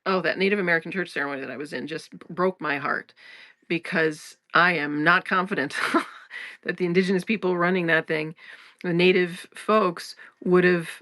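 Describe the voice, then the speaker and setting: A woman's voice: lowish voice, fairly even intonation, normal speed, pushed and bright, no echo, studio quality. A woman hosting a spiritual talk in a casual, frank way, swearing freely, laughing often and restarting her sentences. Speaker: spiritual teacher and podcast host.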